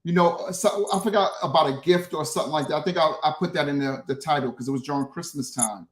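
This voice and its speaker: A man's voice: a little high, quick pace. A man as an interview guest, explaining his methods with frequent restarts and "right?" tags. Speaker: guest, social media creator. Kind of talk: interview answers. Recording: roomy echo.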